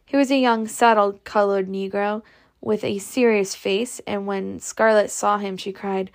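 A woman reading a classic novel aloud as amateur audiobook narration, steady with occasional slips. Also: medium pitch, a little slow. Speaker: audiobook reader.

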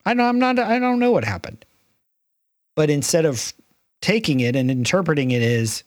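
A middle-aged man co-hosting a casual faith discussion podcast, talking in halting bursts with many restarts. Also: fairly high pitch, sing-song, no room sound, studio quality. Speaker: podcast co-host.

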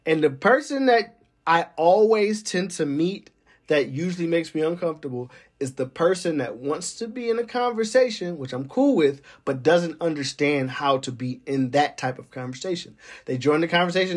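A man's voice: a little high, lively intonation, brisk. A man talks casually about workplace personalities, wandering off on tangents as he goes. His speech is full of fillers and restarts. Now and then he gives a wry, uncomfortable laugh. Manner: rambling, digressive, many fillers. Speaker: military weather forecaster. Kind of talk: casual monologue.

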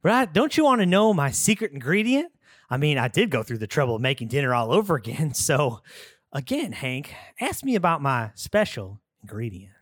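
A prim, needling middle-aged housewife with a cold, sinister edge, as a man puts her on for a comedy podcast. Her voice sits a bit high and swoops a lot. The recording is dry and close. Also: big pitch swings, a little fast, dry recording. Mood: smug. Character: smug, coldly vengeful middle-aged housewife Peggy.

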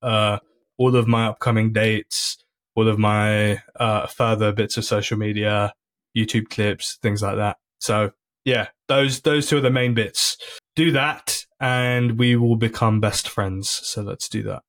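A man, a comedian guest in a casual podcast chat, laid-back and quick to laugh. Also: lowish voice, fairly even intonation, a bit bright.

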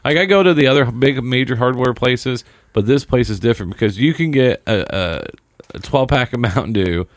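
A man's voice: medium pitch, lively intonation, fairly quick, no echo, clean studio sound. A man co-hosting a podcast, chatting casually in a rambling way and trailing off mid-sentence. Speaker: podcast co-host. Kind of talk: casual chat.

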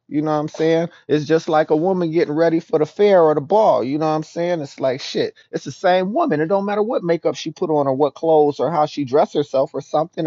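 A man giving a raw, rambling, profane confessional monologue as a podcast host, often dropping to a low murmur. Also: dark tone, no echo. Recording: dull dry lo-fi recording.

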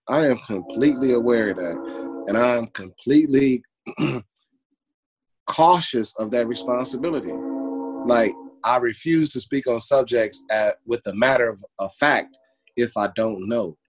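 A man's voice: medium pitch, measured pace, over music, low-quality recording. A man who works as a barber, talking earnestly in an interview over a video call and repeating his points for emphasis. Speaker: barber guest. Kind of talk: casual conversational interview.

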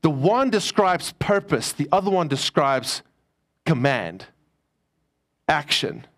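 Pastor preaching a casual sermon. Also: male voice, a little high, animated, slow, a bit bright. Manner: conversational preaching, jokes with the congregation.

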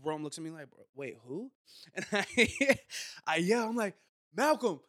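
Brief: young guy, podcast co-host, lively high voice, dry close sound, big animated storyteller. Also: unhurried, no room sound. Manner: animated storyteller, swears freely, acts out voices. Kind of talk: casual chat.

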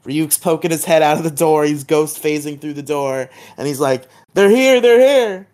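A man's voice: a little high, level tone, moderate pace, a little mellow. A man co-hosting a podcast, recapping a TV episode in a chatty way full of fillers. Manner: chatty, filler-heavy retelling of scenes. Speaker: podcast co-host.

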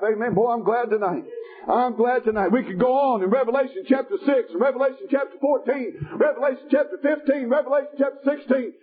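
A male preacher delivers a fiery revival sermon in rhythmic bursts of shouting and folksy grammar. His voice sits very high for a man. The sound is thin and tinny, as if heard over a phone line.

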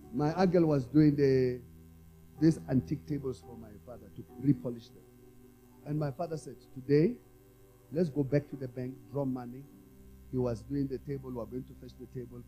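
A man preaching a sermon to a congregation in call-and-response style. He drops to quiet, low asides and then rises to loud exhortation. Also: poor audio. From South Africa. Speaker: apostle preaching.

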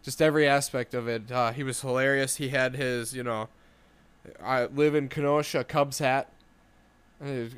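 A man's voice: medium pitch, fairly even intonation, moderate pace, fairly bright tone, smooth, no echo. A man in casual podcast chat, telling rambling family stories and acting out the quoted voices.

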